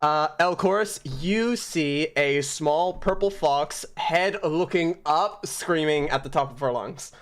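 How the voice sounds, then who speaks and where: A game master running a tabletop session over voice chat, talking in a middle pitch. The narration is hesitant and loose, with frequent fillers between descriptions of the scene. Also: takes it slowly, few pauses.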